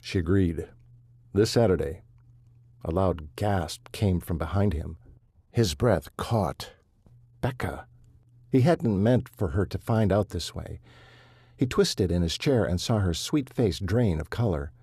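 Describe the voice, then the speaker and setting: Husky, warm male audiobook narrator. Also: low-pitched, no room sound. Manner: measured, steady storytelling.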